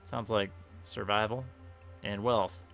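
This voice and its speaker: With a lowish, fairly bright voice edged with vocal fry, this streamer talks slowly and steadily through a let's-play. He rambles, corrects himself, and reads the game's questions out loud while faint game music plays underneath.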